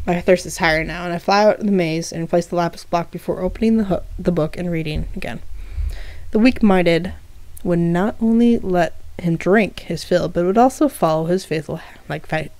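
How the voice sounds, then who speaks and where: A woman's voice: lowish voice, darkish tone, no room sound. A woman reading her first-person fan story aloud, with small restarts and asides between passages.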